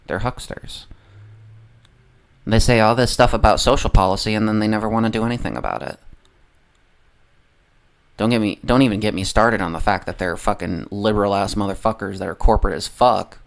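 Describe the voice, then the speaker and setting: Low-voiced man in a profane, rambling rant. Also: creaky. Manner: swearing constantly, rambling and losing the train of thought. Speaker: livestreamer. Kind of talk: profane political rant on a livestream.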